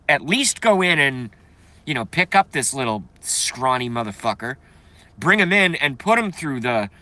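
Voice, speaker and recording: A man's voice: mid-range voice, pushed and bright. A man hosting a casual livestream, reading viewer comments and ranting bluntly with profanity, congested and coughing now and then. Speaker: livestream host.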